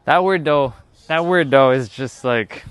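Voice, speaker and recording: A man hosts a livestream in a smooth, unhurried, mid-range voice, with no room sound and faint background music. In casual chat, he playfully repeats a word that amuses him and laughs at it.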